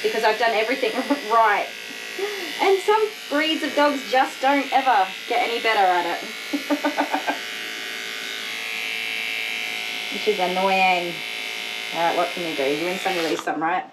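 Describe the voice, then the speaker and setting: A woman dog groomer chatting casually as she works, laughing often and scolding the dog in sharp bursts. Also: medium pitch, huge pitch swings, takes it slowly, pauses often. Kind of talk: casual grooming vlog chat. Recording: loud electric clipper noise behind. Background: electric clippers buzzing.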